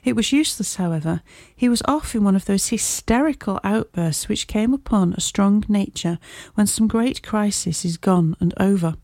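Female audiobook narrator, measured storytelling; warm, dark tone, dry close mic. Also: medium pitch, dry recording. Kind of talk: first-person audiobook narration.

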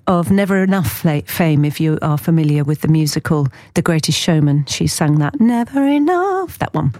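A woman presenting a radio show, chatting casually in a rambling, self-correcting way, her voice slightly hoarse. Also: low voice, steady tone, moderate pace, a little mellow, dry recording. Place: radio studio.

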